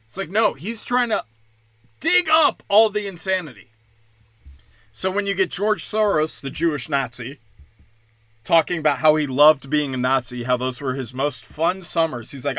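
A man delivers a heated, profane rant with a tense, bright edge to his voice. He sits slightly high for a man and often lurches into quick mocking impressions. The sound is dry and close, with no room around him. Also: sing-song, no room sound. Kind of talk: ranting monologue.

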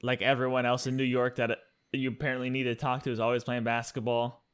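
Relaxed co-host, man, mid-pitched, storytelling and chatting loosely. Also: fast talker, clear, resonant tone. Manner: relaxed storyteller, acts out quoted voices. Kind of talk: casual chat.

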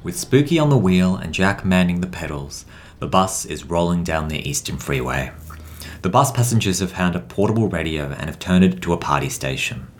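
A man's voice: low-pitched, lively intonation, fairly quick. A man narrating an improvised comedy audio play in a dry, matter-of-fact way.

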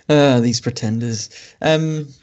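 A man co-hosting a film podcast, reviewing a movie in a dry, sardonic way with many pauses and ums. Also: mid-range voice, darkish tone. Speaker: podcast co-host reviewing films. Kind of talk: casual film review chat. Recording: dull lo-fi podcast audio.

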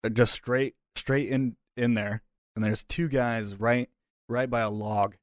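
A man's voice: medium pitch, steady tone, takes it slowly, dry recording, studio quality. A man playing a tabletop game, loose and rambling, laughing and swearing. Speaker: player. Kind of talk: casual tabletop play.

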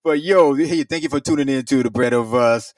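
A man's voice: mid-range voice, brisk, no echo, recorded from a distance. A man co-hosting a casual music radio show, laid-back, repeating himself and laughing easily.

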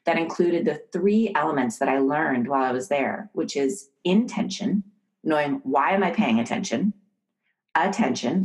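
A middle-aged woman from the United States, an author and professor, explaining ideas calmly as a podcast guest. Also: deep voice, rough recording. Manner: calm, measured teaching. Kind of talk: podcast interview, storytelling.

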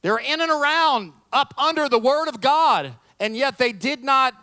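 A man's voice: very high voice, normal speed, clear, resonant tone. A middle-aged male pastor preaching a sermon, telling stories with humor and acting out the voices of the people in them. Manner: storytelling, animated, acts out quoted voices, self-deprecating humor.

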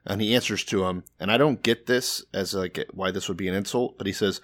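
Man, low pitch, casual chat, crude jokes, profane. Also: brisk, hardly any pauses, fairly bright tone. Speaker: podcast co-host.

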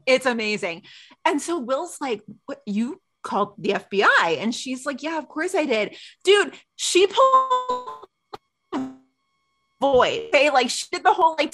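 A woman's voice: high-pitched, a bit bright. A woman co-hosting a podcast, chatting animatedly as she recaps a TV episode and acts out the characters' lines. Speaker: podcast co-host. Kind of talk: casual chat recapping a TV episode.

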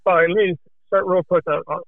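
A man's voice: high-pitched, a little fast, creaky, no echo. Breathless folksy man on a phone line. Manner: animated, folksy, rambling with restarts. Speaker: guest telling a racing story. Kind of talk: casual storytelling.

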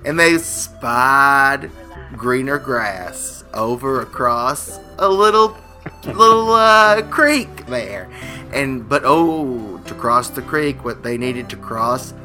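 A man's voice: medium pitch, animated, slow, bright, forceful tone, soft background music. A man co-hosting a comedy podcast, rambling and joking as he tells stories. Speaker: podcast co-host. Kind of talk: casual comedic banter.

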